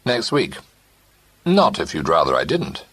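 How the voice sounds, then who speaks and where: A man's voice: fairly low pitch, wildly swooping pitch, a little slow, fairly bright tone, breathy edge, no room sound, voice pushed up, exaggerated voice. A man doing a blunt, persistent young suitor. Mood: teasing. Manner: blunt, straight to the point.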